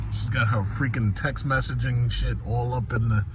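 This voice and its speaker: A man's voice: medium pitch, fairly even intonation, normal speed. A man vlogging from his car in traffic, ranting sarcastically and swearing about drivers and politics. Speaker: vlogger commenting while driving. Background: faint traffic noise.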